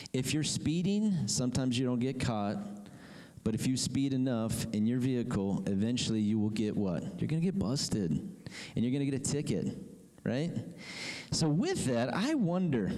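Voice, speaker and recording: A man preaching a sermon to a congregation, animated and full of questions to the room. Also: medium pitch, in a large hall. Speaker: pastor.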